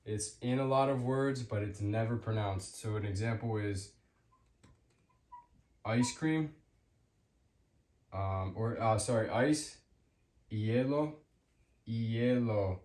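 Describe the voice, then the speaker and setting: Slow-talking man teaching, echoey room. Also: on the low side, darkish tone. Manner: hesitant, many ums, repeats example words slowly. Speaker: language teacher. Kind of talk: casual spoken lesson.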